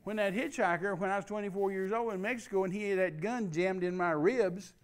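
Guy preaching a sermon, high voice, really emphatic, spells words out letter by letter. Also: brisk.

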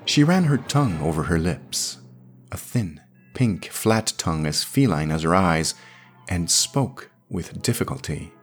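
A man reading a classic science fiction story aloud in a measured, descriptive storytelling manner. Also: sits low, expressive, slightly rough, soft background music. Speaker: podcast narrator.

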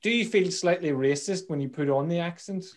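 A man's voice: on the high side, brisk. A man hosting a casual interview podcast, joking, swearing freely and wandering off into asides. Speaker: podcast host.

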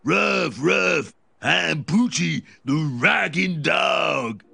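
An actor voicing a bumbling cartoon dad who plays a rocking talking dog in an animated cartoon, in a rough shouted bark. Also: male voice, fairly high pitch, drawn-out words, dry recording, clean studio sound, faint music behind, exaggerated voice. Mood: brash. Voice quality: gravelly, shouted.

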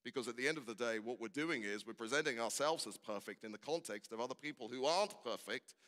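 A man's voice: medium pitch, fast, fairly bright tone. Man, preacher, sermon, rhetorical questions, repeated refrains, long hall reverb.

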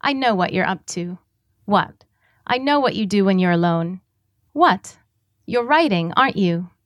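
A woman's voice: medium pitch, animated, a little slow, no room sound, close to an everyday voice. Ezra: a woman reading as a frail old man. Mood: tender.

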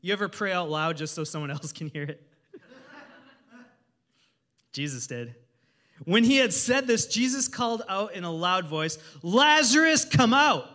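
A man preaching a sermon as a guest pastor, energetic and humorous, joking with the congregation. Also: high voice, normal speed, long pauses. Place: church service in a hotel venue.

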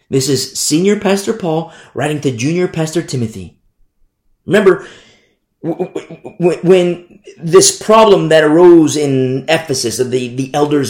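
A man's voice: fairly high pitch, a little mellow, reverberant. A man preaching a verse-by-verse Bible study sermon, repeating phrases and asking rhetorical questions. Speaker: pastor. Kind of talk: expository Bible teaching sermon.

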